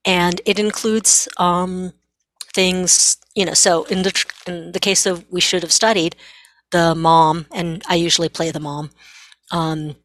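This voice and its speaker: A middle-aged woman psychiatrist speaks as an interview guest, explaining things earnestly and slipping into bits of dialogue. Her voice sits on the low side and the recording is dry. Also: fairly even intonation, measured pace, fairly bright tone, dry recording.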